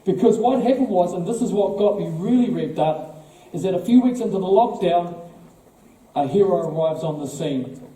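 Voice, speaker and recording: New zealand guy giving a fired-up speech to a crowd, high-ish voice but very dark and mellow, echoey hall, sounds far off the mic. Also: expressive, normal speed. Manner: emphatic, rhetorical questions, repeats words. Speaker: political party speaker. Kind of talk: speech to a live audience.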